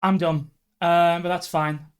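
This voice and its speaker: A woman's voice: on the low side, little pitch movement, measured pace, clear, resonant tone. A woman streamer from Britain, rambling and poking fun at herself while chatting and reading aloud on a live stream. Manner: self-deprecating, rambling, laughs often.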